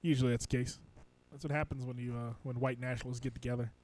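A man co-hosting a comedy podcast in casual banter, animated and emphatic, often laughing. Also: mid-range voice, fast talker, poor audio. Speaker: podcast co-host. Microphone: studio microphone.

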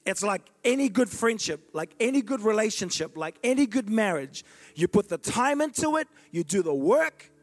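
Passionate high-pitched male preacher. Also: big pitch swings, normal speed, soft background music. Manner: passionate, swinging from loud declarations to hushed asides. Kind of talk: sermon.

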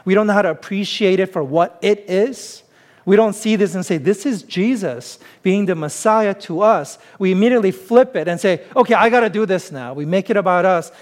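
A pastor delivers his sermon in a fairly high male voice. He keeps it conversational, working through the text by putting rhetorical questions to his listeners. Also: normal speed, a little mellow.

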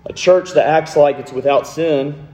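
Guy preaching a sermon, voice sits a bit high, earnest, speeds up n slows down, long hall echo. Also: darkish tone, a little hiss or hum. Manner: earnest preaching with shifting pace, occasional light humor. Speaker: pastor.

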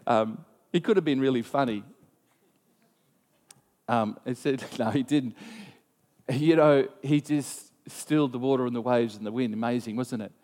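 A man preaching a sermon, telling a story in an animated way with frequent restarts. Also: mid-range voice, normal speed, long pauses, big-room sound. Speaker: pastor.

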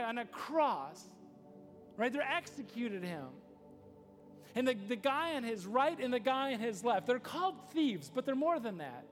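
A pastor giving a casual, story-driven sermon, acting out the quoted lines as he goes. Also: extremely high pitch. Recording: long reverb of a hall, faint music.

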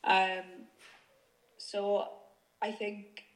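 A woman's voice: mid-range voice, monotone, extremely slow, echoey room. A woman in her thirties from Wales, a footballer talking as a guest on a remote call, hesitant with many fillers and restarts. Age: 30s. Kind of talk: remote interview chat.

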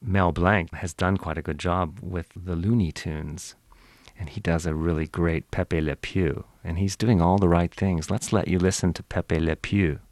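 A man's voice: low-pitched, steady tone, unhurried, darkish tone, no echo. A man who is an accent archive expert, explaining in an interview in a lecturing manner.

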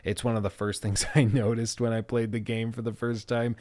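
A man's voice: medium pitch, flat delivery, a little fast, darkish tone. A man giving scripted commentary with casual, self-deprecating asides, in an analytical, conversational way. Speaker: video essayist.

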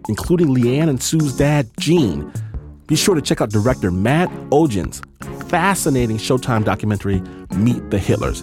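Man hosting a radio show over music. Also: mid-range voice. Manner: measured, smooth delivery of credits and teasers. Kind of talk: scripted radio narration.

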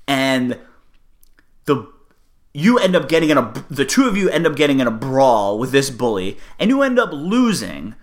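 A man co-hosting a casual sports talk show, arguing his point and telling long mocking hypotheticals. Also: medium pitch.

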